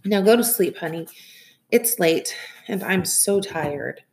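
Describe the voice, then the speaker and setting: A woman voicing a tired, tender mother who comforts her son slowly in a soft, near-whispered voice. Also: on the low side, lively intonation.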